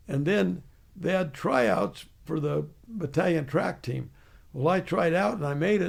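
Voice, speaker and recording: A man's voice: fairly high pitch, creaky, darkish tone, slightly rough. An older man, an army veteran, telling plainspoken stories in an interview and laughing along. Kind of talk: storytelling interview.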